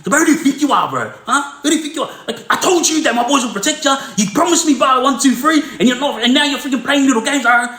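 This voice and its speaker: A man re-enacting a furious male prison inmate who shouts and rants aggressively at someone. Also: very high voice, lively intonation, fast, few pauses, pitched above the performer's own voice, heavily acted. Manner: loud, aggressive ranting. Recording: roomy echo.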